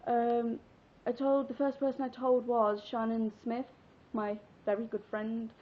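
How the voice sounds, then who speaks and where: A sixteen-year-old English girl tells a personal story in a casual, giggly vlog, rambling with lots of fillers. Her voice is a little high and level, and she speaks a little slowly, captured in dull lo-fi webcam audio.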